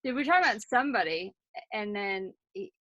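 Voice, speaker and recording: A woman's voice: mid-range voice, lively intonation, brisk, a bit bright, no echo, muffled recording. A woman co-hosting a casual chat, teasing and wry in how she talks. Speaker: co-host.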